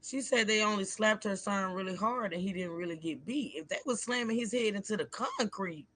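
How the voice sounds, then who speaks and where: A man's voice: high-pitched, fairly quick, bright, forceful tone. A man hosting a live stream, chatting casually to viewers and reading a post aloud. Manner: chatty, talks straight to viewers with "y'all". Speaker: livestream host.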